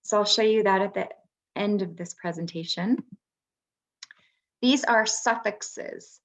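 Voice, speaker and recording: An unhurried woman walking parents through reading skills, taking her time with each point and pausing to find her words. She sounds like the teacher she used to be, patient and explanatory. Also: medium pitch. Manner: patient, many "um" pauses. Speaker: parent workshop presenter, former teacher. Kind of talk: explanatory presentation.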